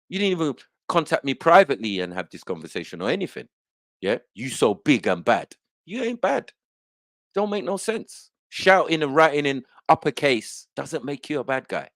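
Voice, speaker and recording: A man's voice: mid-range voice, no echo, studio quality. A man hosting an online panel, ranting in a boastful, confrontational way and swearing a lot. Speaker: host of an online panel show. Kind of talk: heated casual rant.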